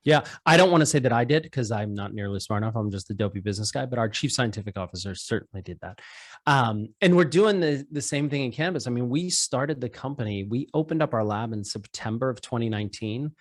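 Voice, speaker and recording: A man speaks at a middle pitch as a podcast guest, energetic and self-deprecating. He talks in quick bursts and keeps the tone casual throughout. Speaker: startup founder, guest. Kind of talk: casual interview chat.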